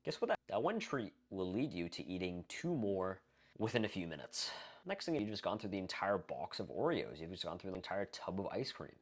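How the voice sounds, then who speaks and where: A man's voice: low-pitched, very animated, brisk. A young man giving a blunt, profane, casual self-improvement talk, full of fillers and rhetorical questions. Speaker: self-improvement video creator. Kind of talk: casual monologue to camera.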